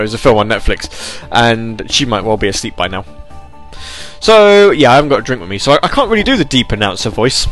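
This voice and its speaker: This young man from Britain, presenting an online radio program, has a medium-pitched and somewhat bright voice. He chats in a loose, self-deprecating, meandering style, occasionally adopting an announcer's delivery, which has made his throat sore.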